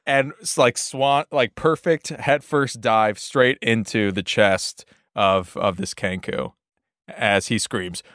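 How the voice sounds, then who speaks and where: Gravelly low guy playing tabletop, jokey, lots of uhs. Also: fairly even intonation, slow, fairly bright tone, no room sound, studio quality. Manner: joking, hesitant, many uhs. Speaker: player. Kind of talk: casual game chat.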